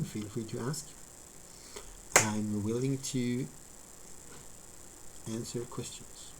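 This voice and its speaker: Building a model on a live stream, a man talks extremely slowly at a medium pitch, pausing often, with background noise around him. It's casual crafting chat: he rambles, leans on filler, thinks aloud and talks with viewers.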